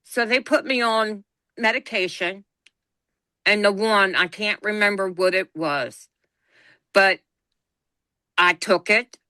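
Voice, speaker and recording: A woman's voice: mid-range voice, slow pace, long pauses, no echo. A middle-aged woman, telling a personal story on a podcast and acting out the quoted lines as she goes. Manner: animated retelling, acts out quoted dialogue. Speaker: podcast co-host.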